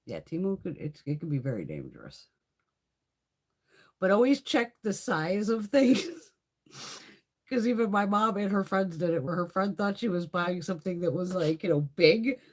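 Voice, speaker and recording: A middle-aged woman chatting on a live stream, telling a story in a profane, animated way with a husky voice. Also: lowish voice, normal speed. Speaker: beauty vlogger. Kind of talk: casual live-stream chat.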